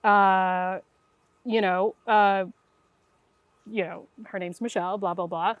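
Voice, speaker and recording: A middle-aged guest intuitive takes her story slowly in a smooth, mid-range voice; the recording is dry and the audio dull. She tells it conversationally and animatedly, acting out the quoted lines of the people in it.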